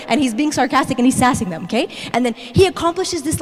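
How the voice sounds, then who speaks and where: High-voiced, animated woman speaker in a church. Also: fast, few pauses. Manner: animated, chatty, tags "okay?" after every point. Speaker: guest speaker. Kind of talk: lively church talk. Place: church sanctuary. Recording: echoey church hall.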